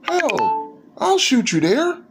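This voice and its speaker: A man voicing a friendly, eager male neighbor who insists on giving a ride, in a high, cheery tone. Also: wildly swooping pitch, slow, background noise, heavily acted.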